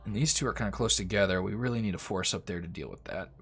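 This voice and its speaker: A man with a fairly low voice talks through a strategy game in a relaxed, chatty way, sometimes urging the units on screen. Faint music plays behind him. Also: fast talker, creaky. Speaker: gameplay commentator. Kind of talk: casual let's-play commentary.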